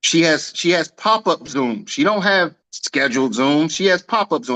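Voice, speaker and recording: A man giving a casual celebratory speech on a video call, telling a lively slangy story and acting out the dialogue. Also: on the high side, moderate pace, low-quality recording. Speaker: team leader honoring an agent.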